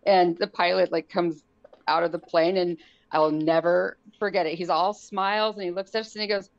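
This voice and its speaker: A woman telling a story on a podcast in a casual way, acting out the quotes in a high, excited voice. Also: moderate pace, dry recording, muffled recording. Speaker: guest.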